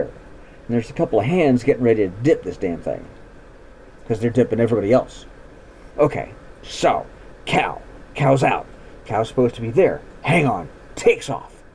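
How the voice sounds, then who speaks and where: A man's voice: medium pitch, big pitch swings, normal speed, darkish tone, slight background noise, rough recording. A man hosting a show, telling a ranch story in a casual, folksy, plain-spoken way. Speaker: storytelling host.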